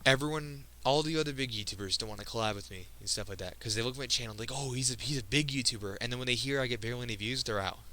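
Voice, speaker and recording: A teenage boy, a video creator, speaks in a personal vlog monologue, emotional and earnest, halting as he stumbles over words and restarts often. His voice is medium-pitched, pushed, and bright. The recording quality is low.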